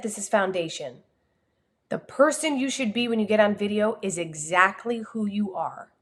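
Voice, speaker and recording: A woman with a New Jersey accent, a communication coach giving an energetic, expressive motivational talk on a livestream. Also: mid-range voice. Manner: energetic, expressive, talks with her hands.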